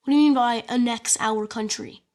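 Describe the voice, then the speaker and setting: A woman voicing a startled, indignant leader of the gold team in a map story, with a slightly high voice. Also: moderate pace, a little mellow, close to an everyday voice.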